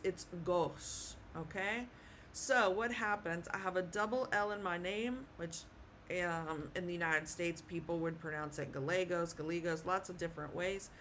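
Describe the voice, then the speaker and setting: A woman giving an online language lesson, slowly spelling out letters and repeating each sound patiently. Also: medium pitch, a bit bright, a little hiss or hum. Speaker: Spanish teacher.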